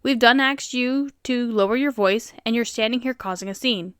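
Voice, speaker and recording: A woman's voice: fairly high pitch, normal speed, a bit bright, smooth, no echo, clean studio sound, close to an everyday voice. A woman voicing a fed-up store manager with a Southern US accent, firm and blunt. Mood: stern. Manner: firm, no-nonsense.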